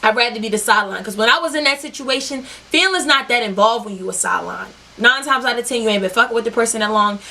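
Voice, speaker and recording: A young woman vlogger telling a storytime tale in an animated, profane, slangy way. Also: fairly high pitch, fast, creaky, hardly any pauses. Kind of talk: storytime vlog.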